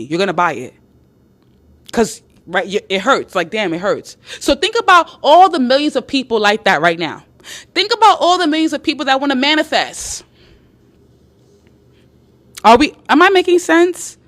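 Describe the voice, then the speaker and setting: A woman's voice: on the high side, very animated, fairly quick, a bit bright. Woman live-streamer, chatty and blunt, swears freely, repeats herself for emphasis. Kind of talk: live-stream chat reading viewer comments.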